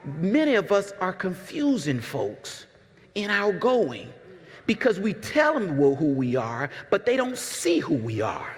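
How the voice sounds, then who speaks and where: A man's voice: high voice, wildly swooping pitch, takes it slowly, in a large hall, slight background noise. A man preaching a sermon to his congregation in a conversational way, often repeating words and asking the room questions. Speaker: pastor. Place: church sanctuary.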